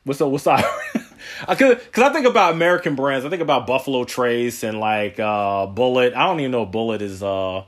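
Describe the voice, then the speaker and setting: A man's voice: medium pitch, a little fast. A man hosting a podcast in casual chat, telling rambling stories with lots of laughter and slangy asides. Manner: animated rambling storyteller, laughs often; slangy, says yo and man a lot. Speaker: podcast host.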